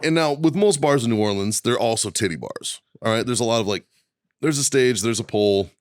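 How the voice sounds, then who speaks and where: A man's voice: mid-range voice, brisk, no echo, clean studio sound. Profane rowdy man. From South Boston. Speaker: podcast co-host. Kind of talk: casual storytelling.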